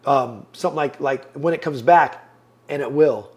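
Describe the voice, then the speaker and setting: A man in his fifties tells his own story as a podcast guest, in a voice of ordinary pitch. He talks earnestly and acts out the lines other people said to him. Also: moderate pace. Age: 50s. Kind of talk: personal testimony in an interview.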